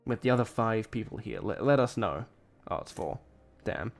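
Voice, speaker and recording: A man's voice: on the low side, expressive, normal speed, faint music behind. A tired man streaming and reacting to a clip, rambling and blunt in casual commentary, cursing freely.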